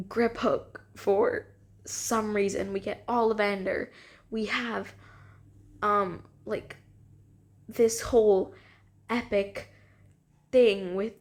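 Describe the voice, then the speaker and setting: A young woman vlogging, gushing and rambling with many fillers as she ranks her favorite books. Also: mid-range voice. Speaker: book vlogger. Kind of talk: casual enthusiastic book ranking.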